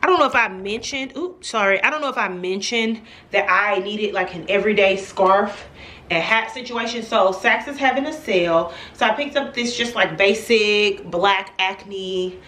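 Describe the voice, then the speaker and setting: A chatty woman talks straight to her viewers in a casual home vlog. Her voice, at a middle pitch, rings through an echoey room, caught by a camera set some way off. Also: moderate pace, bright, forceful tone, far from the mic. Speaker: vlogger.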